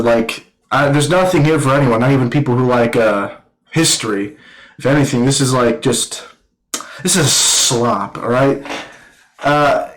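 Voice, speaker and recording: A man giving a casual, rambling film review, swearing constantly and filling every pause with "like" and "uh.". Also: mid-range voice, roomy sound, low-quality recording. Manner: profane, rambling, full of fillers. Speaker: movie reviewer.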